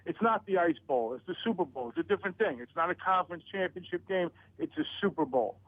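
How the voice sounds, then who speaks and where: A man's voice: high-pitched, expressive, fast, dry recording, narrow, tinny audio. A man on a radio talk show who stammers through restarts and rants about his complaints. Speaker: author guest.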